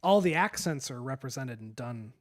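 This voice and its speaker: A man co-hosting a podcast in casual chat, halting and correcting himself, laughing often. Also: medium pitch, expressive. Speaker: podcast co-host.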